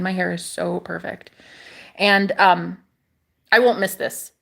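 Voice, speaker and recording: A woman's voice: on the low side, fairly even intonation, moderate pace, creaky, a bit bright. A woman talking to camera in a sassy, profane spiritual vlog, calling viewers honey and repeating phrases for emphasis. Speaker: spiritual vlogger. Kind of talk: casual spiritual monologue to camera.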